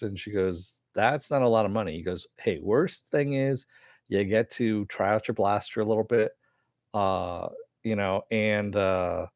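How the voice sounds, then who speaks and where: Relaxed male reviewer with a lower voice, dry booth-like sound, rambling retell full of fillers. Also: no echo. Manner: rambling, filler-heavy retelling with casual swearing. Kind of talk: casual episode recap.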